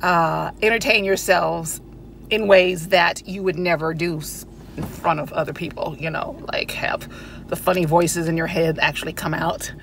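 A woman's voice: fairly low pitch, fairly even intonation, moderate pace, gravelly, a bit bright, a little hiss or hum. A woman chatting playfully in a casual vlog, often laughing, from her car. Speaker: vlogger. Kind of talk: casual chat.

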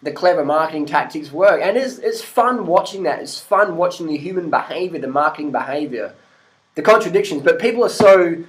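A man's voice: on the high side, lively intonation, a little fast, low-quality recording. A middle-aged man from Australia, ranting casually to camera and swearing freely as he laughs at other people. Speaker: vlogger.

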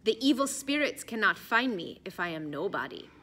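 A woman voicing a gruff Mongolian teen boy. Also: mid-range voice, very animated, fairly bright tone. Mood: solemn. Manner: slow, growled, slightly accented English.

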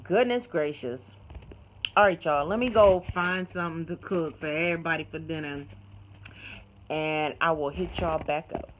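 A woman's voice: low voice, moderate pace, narrow, tinny audio, a little hiss or hum. A woman vlogger chatting casually to her phone camera in a home kitchen, rambling and calling her viewers y'all.

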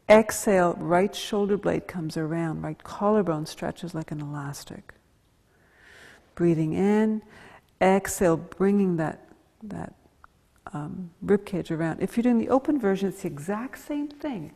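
Soft-spoken woman guiding yoga, gravelly and warm. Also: fairly low pitch, big-room sound. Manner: calm, slow cueing with soft hums and sighs; drops to near-whispers on breath cues. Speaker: yoga teacher. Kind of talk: guided yoga instruction.

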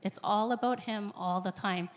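Earnest woman giving church testimony. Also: mid-range voice. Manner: earnest, emotional, rambling with quick bursts. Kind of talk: personal testimony before a congregation. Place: church sanctuary, speaking at the front.

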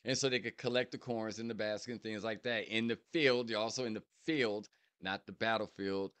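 Animated man explaining rap lyrics. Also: fairly low pitch, a little fast, clean tone. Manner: repeats lyric lines and explains them, animated. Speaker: reaction channel host. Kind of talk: casual reaction commentary.

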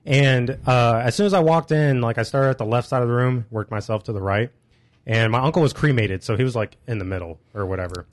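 A man's voice: mid-range voice, brisk. A man co-hosting a casual podcast, telling a story with plenty of swearing and laughing at his own jokes. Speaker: podcast co-host.

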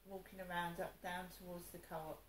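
A woman's voice: lowish voice, flat delivery, normal speed, reverberant, slight background noise, low-quality recording. A woman telling a rambling personal story, upset and venting, with frequent restarts. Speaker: vlogger.

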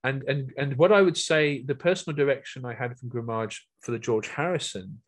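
A man's voice: mid-range voice, fast talker. A middle-aged man reminiscing earnestly in a talk, often restarting and repeating words. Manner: earnest, many restarts and repetitions. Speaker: guest speaker.

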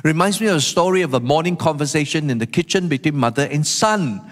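A man's voice: a little high, animated, fast talker. Man preaching a sermon in a reverberant church hall. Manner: emphatic, with rhetorical questions to the congregation. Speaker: guest pastor. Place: church sanctuary.

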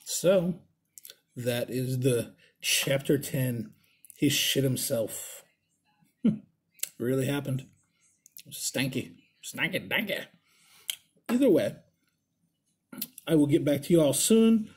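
A man vlogging in a casual, profane storytelling voice, animated and crude, jumping into high voices when he quotes people. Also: slow, pauses often, husky. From Puerto Rican family. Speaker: vlogger telling stories. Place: Las Vegas.

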